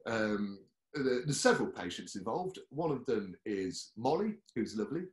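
Rambling British man with lively pitch. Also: normal speed. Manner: relaxed, rambling, frequent ums. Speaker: solo performer and comic. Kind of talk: casual talkback explaining a show. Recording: echoey room.

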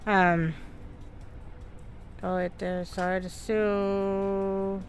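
A woman's voice: medium pitch, flat delivery, very slow. A Southern American woman in her thirties narrates her gameplay as she goes, chatty and full of exclamations. She talks to herself as she tries to work out where to go. Faint music plays behind her. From Texas, USA. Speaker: gaming streamer. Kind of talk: live gameplay commentary.

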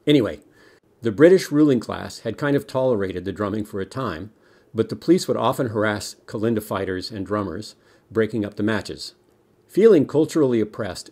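A middle-aged American music teacher gives children a history lesson, explaining things in a lively way and dropping small jokes. His voice is on the low side.

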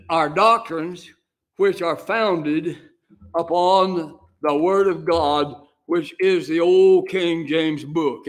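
Older male pastor, high-pitched, unhurried, homey preaching style with drawn-out emphatic lines. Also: a bit bright. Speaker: senior pastor. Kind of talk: sermon.

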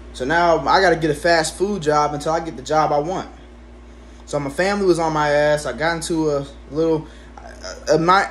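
Man, twenties, high voice, profane, animated storytime rant, sudden high exclamations, at home. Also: slight background noise. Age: 20s. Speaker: vlogger.

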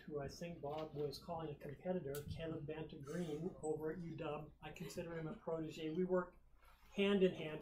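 A man's voice: fairly high pitch, darkish tone. A man, a research professor, giving a friendly, conversational lecture with slides, walking around as he speaks. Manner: friendly, conversational, some hesitations. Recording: echoey hall, audible background noise.

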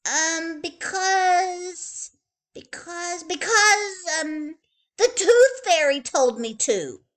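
A woman voicing a cheeky little girl bunny who tells fibs, in a high, loud, pleased-with-herself voice. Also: animated, drawn-out words, heavily acted. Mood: fibbing.

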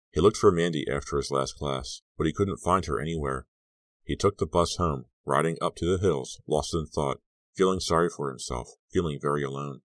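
A male audiobook narrator with an exceptionally deep voice reads in a steady, even way. The sound is close-miked and dry, with no room in it. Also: no echo. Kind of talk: scripted narration.

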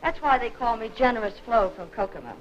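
A woman's voice: a little high, expressive, quick pace, faint music behind, natural voice. An actress playing a chatty, wisecracking young woman neighbor in a 1940s film, full of slang. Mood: breezy. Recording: dull old film soundtrack.

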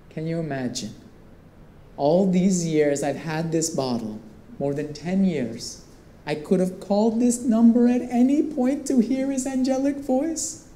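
A man performing a theatrical storytelling monologue, animated and swinging between hushed and excited tones. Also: a little high, slight background noise. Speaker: performance artist. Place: performance space with live visitors. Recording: roomy echo.

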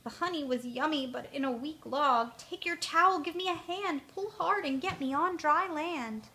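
A woman voicing a big hungry male bear stuck in a bog, loud and pleading. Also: sits high, normal speed, pitched above the performer's own voice.

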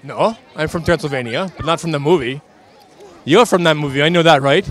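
Lightly acting, a man with a higher-than-average, slightly bright voice talks briskly. As a street interviewer at an outdoor Halloween parade, he plays a Transylvanian count who says he's a businessman, teasing and reassuring kids in broken English.

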